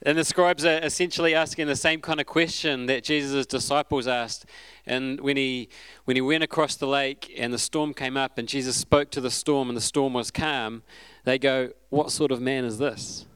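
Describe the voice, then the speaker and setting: A man preaching a sermon in a relaxed, conversational, storytelling way. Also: mid-range voice, moderate pace, few pauses, smooth, dry recording.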